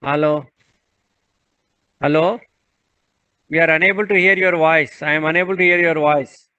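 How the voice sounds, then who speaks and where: A man's voice: on the high side, fairly even intonation, normal speed, sharp tone, clean tone, dry recording. A man moderating an online session, patiently repeating requests for a participant to speak. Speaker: webinar moderator. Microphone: video call. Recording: dull, muffled video call audio.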